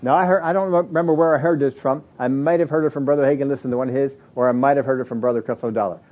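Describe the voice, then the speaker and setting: A man's voice: mid-range voice, fairly even intonation, very fast. A man preaching a sermon in a plain-spoken way, acting out the excuses people make in different voices. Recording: dull lo-fi audio recording.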